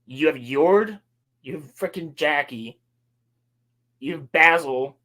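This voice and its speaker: A man co-hosting a casual podcast, recapping a show sarcastically and mocking the characters in quick put-on lines. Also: fairly high pitch, pushed and bright. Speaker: podcast co-host.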